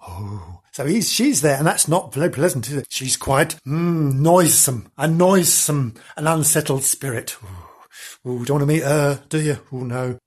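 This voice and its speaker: A woman hosting a comic podcast, rambling and self-mocking as she tells a story, with a husky voice. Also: deep voice, moderate pace, darkish tone. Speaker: podcast host.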